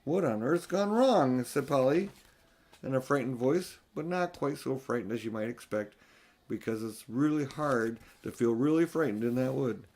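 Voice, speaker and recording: An older man narrating a children's audiobook in a gentle, expressive, grandfatherly way. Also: mid-range voice, moderate pace. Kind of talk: storybook narration.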